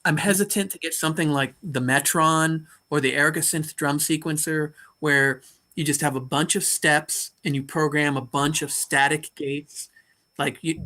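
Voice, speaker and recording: Bright-voiced man thinking aloud. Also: a little high, moderate pace. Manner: thinking aloud, restarting sentences. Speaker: modular synth hobbyist on a stream. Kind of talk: casual video-call chat. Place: bedroom. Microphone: video call.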